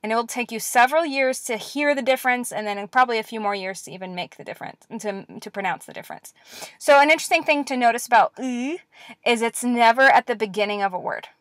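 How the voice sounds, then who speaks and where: A woman gives a patient, step-by-step recorded lecture as a language teacher. Her voice sits a little high. The recording is dry, with no room echo. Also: a bit bright. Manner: patient, explains step by step with practice pauses.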